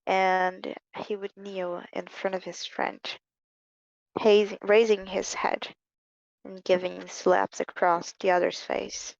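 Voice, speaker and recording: A woman narrating as game master of a tabletop game, halting, with many ums and repeated words. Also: mid-range voice, little pitch movement, vocal fry, no room sound, highs cut off.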